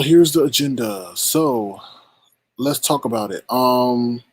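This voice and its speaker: A man's voice: mid-range voice, expressive, takes it slowly, darkish tone, a little hiss or hum. Casual man hosting a livestream. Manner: loose, repetitive, talks straight to chat. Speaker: livestream host.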